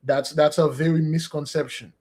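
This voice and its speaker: A man's voice: a little high, fairly even intonation, moderate pace, mellow. A man preaching a sermon and leading a spoken prayer, earnest and exhorting, calling his listeners beloved.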